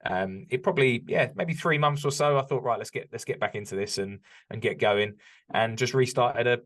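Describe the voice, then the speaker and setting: A British man who owns a business speaks candidly as a podcast guest in a casual interview chat, reflective and open, often restarting and saying "um." His British English voice is medium-pitched, fairly quick and fairly bright in tone.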